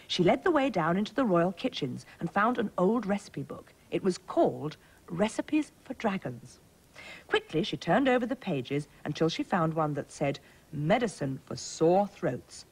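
A woman presenting a schools programme, reading a storybook to young children in a gentle, clear, sing-song way. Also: lowish voice, big pitch swings, moderate pace, poor audio.

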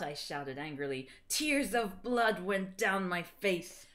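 A woman's voice: lowish voice, lively intonation, slow, a bit bright. Woman giving a playful, mock-dramatic reading. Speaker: livestream co-host reading fan fiction aloud. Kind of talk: comedic dramatic reading with banter.

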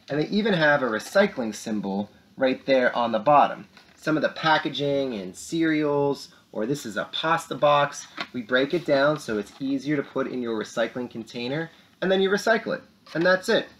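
A young man hosts a school morning show for children. His pitch rises and falls widely as he talks to his young viewers with animated, upbeat energy. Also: normal speed. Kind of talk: lively kids' morning announcements.

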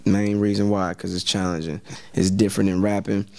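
A man's voice: on the low side, little pitch movement, fairly quick, gravelly, darkish tone, no echo. An American man chatting in an interview, laid-back and slangy, often repeating words as he starts a sentence. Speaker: rapper and actor guest. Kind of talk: casual interview chat.

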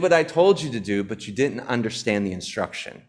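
A man's voice: fairly low pitch, lively intonation, fairly quick, hardly any pauses. A man preaching a sermon as pastor, earnest, repeating key phrases, with frequent fillers. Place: church.

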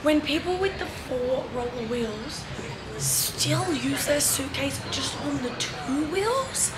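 Vlog: high-pitched woman, animated and giggly, loud noise behind. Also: slow pace. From Australia. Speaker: circus performer. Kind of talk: casual chat.

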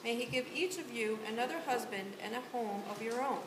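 A woman's voice: fairly high pitch, a little fast, lightly acted. A woman volunteer reading the part of Naomi, a grieving widow, aloud in church. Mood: pleading. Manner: earnest plain read-aloud delivery. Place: church sanctuary. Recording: echoey church room with hiss.

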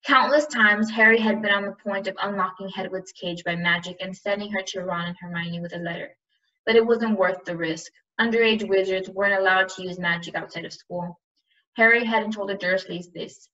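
A woman teacher reads a novel aloud to her class, then discusses it with them in a casual, chatty manner between readings. Her bright, sharp voice is medium-pitched with fairly even intonation and a normal pace, though the recording sounds distant and muffled.

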